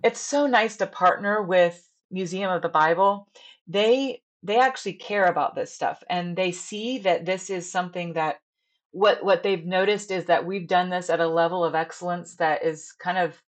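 Woman, thirties, low-pitched, chatty, earnest, casual interview guest. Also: normal speed. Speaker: stage director and actress.

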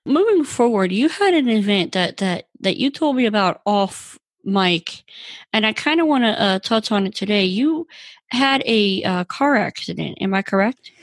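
A woman hosting an interview, asking her guest questions in a gentle, hesitant way. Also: medium pitch, animated, moderate pace, dry recording. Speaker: interview host.

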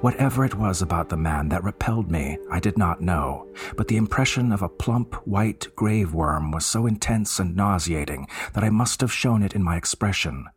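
A man narrating a gothic horror story in a measured, storytelling manner. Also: low voice, husky, no room sound, clean studio sound.

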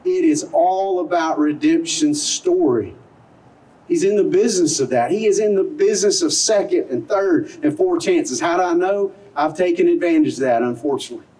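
Preaching to an open-air congregation in a parking lot, a middle-aged pastor from the American South speaks earnestly and conversationally, leaning on rhetorical questions. His voice is a little high with a dark tone at normal speed, recorded far from the mic with poor quality.

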